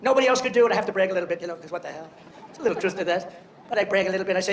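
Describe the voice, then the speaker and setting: A man's voice: sits high, rapid-fire, reverberant, a faint crowd, a little hiss or hum. An older man giving a rambling, boastful speech, telling stories and mocking people.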